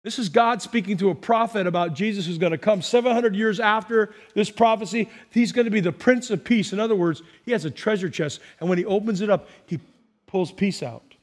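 A man preaching a sermon as pastor, telling stories and acting out voices, swinging between soft and loud. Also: high-pitched, fairly quick. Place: church sanctuary. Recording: long reverb of a large hall.

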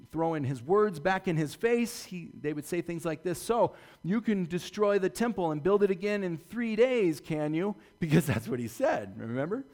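A man preaching a sermon, retelling a story dramatically and swinging from loud to hushed delivery. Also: a little high. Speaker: pastor.

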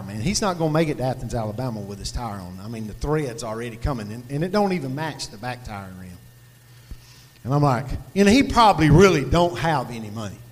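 A man preaching a sermon, telling a story in a folksy, conversational way. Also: on the high side. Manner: folksy, conversational, Southern turns of phrase. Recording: long hall reverb.

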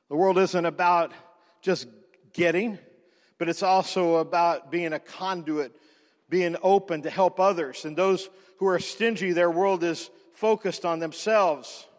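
A man pastor telling a personal story in a sermon, animated, with frequent restarts and repeated words. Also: high-pitched, big-room sound.

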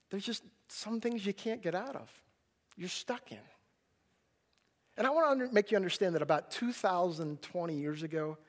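A male pastor preaching a sermon, telling a personal story with animated delivery and acting out his own panicked voice. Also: high-pitched.

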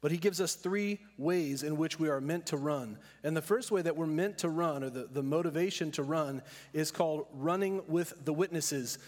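A man preaching with a slightly high voice, earnest and deliberate, slowing on the words he wants to land. His sermon rings with the long reverb of a church hall. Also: darkish tone. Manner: earnest preaching, slows down to stress key words. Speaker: pastor.

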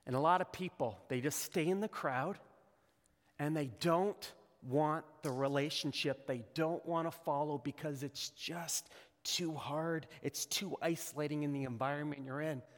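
Animated preacher in a reverberant hall. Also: male voice, a little high. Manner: animated, acts out quoted lines in character voices. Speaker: pastor. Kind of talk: sermon.

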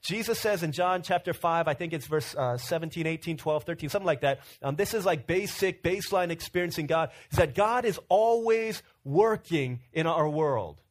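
A man's voice: on the high side, expressive, normal speed, few pauses. A male pastor preaching in a casual, storytelling way, acting out quotes and using lots of fillers. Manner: storytelling with playful acted-out quotes and many fillers. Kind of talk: casual sermon.

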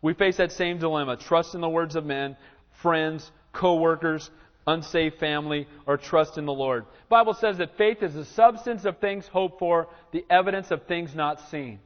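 Pastor guy with a high voice preaching, acts out the bible bits, big echo off the church walls. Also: moderate pace. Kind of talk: sermon. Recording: reverberant church hall, dull lo-fi sound.

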